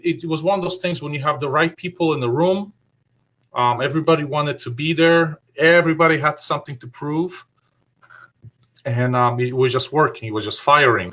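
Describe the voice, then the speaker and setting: On a video call, a guest guitarist with a bright, forceful, mid-range voice tells long, rambling stories packed with fillers. In this casual interview he acts out his own past remarks, quoting what he said back then.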